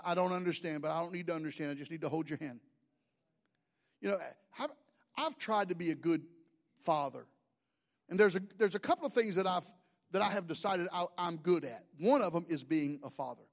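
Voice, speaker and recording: A middle-aged man, preaching a sermon in a folksy, humorous storytelling way. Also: on the high side. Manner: folksy, humorous, animated storytelling with mimicked voices. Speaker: pastor.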